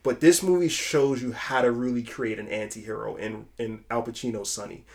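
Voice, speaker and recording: Young man, podcast co-host, casual chat, animated, swears a lot, middle pitch. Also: a little fast, creaky. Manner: animated, profane, acts out film quotes.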